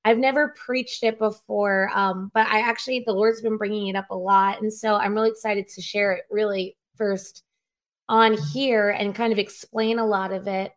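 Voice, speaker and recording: A woman's voice: mid-range voice, steady tone, moderate pace. A woman in her thirties, a revivalist guest, chatting upbeat with frequent laughs and fillers from home. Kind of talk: casual interview chat. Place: at home on a live video call.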